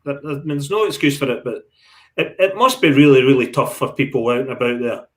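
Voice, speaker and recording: A man's voice: mid-range voice, quick pace, a bit bright. A man co-hosting a casual live chat show, playful, rambling and self-mocking.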